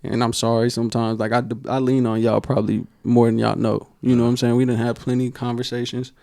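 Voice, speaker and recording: A man's voice: mid-range voice, level tone, fast talker, gravelly, darkish tone, no echo. A man co-hosting a podcast, talking in a casual, slangy way and opening up about family and friendship. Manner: laid-back, slangy, emotional when talking about family. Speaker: podcast co-host. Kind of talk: casual chat.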